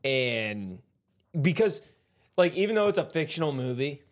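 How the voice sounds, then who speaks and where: A man's voice: fairly high pitch, big pitch swings, normal speed. Rambling podcast guy. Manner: rambling, restarts a lot, mimics people he quotes. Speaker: podcast co-host. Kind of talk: casual movie chat.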